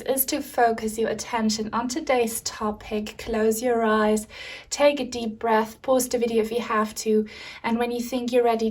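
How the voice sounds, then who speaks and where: A woman with a German accent, speaking in a calm, soothing way as she hosts a pick-a-card tarot reading, with frequent ums. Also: fairly high pitch. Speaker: tarot reader.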